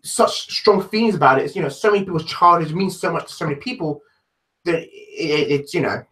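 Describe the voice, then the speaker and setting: London guy rambling on his livestream, kinda high voice, lots of restarts, puts himself down a lot. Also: fairly quick, a bit bright. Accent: London English. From London, England. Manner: rambling, self-deprecating, many restarts. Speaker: livestreamer answering chat. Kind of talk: casual live stream chat.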